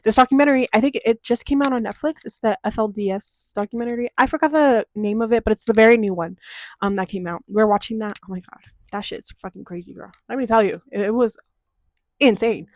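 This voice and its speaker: Profane, animated young woman telling a story. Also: on the high side, fast talker. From Denver, USA. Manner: animated, profane, dramatic storytelling with quoted voices. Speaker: vlogger. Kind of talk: casual storytime chat.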